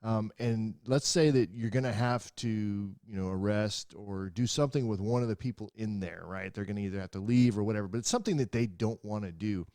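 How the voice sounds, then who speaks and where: A man's voice: lowish voice, a little fast, few pauses, warm tone, no room sound, clean studio sound. A man co-hosting a podcast, explaining at length in a casual way and often checking in with "right?". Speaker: podcast co-host. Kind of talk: casual chat.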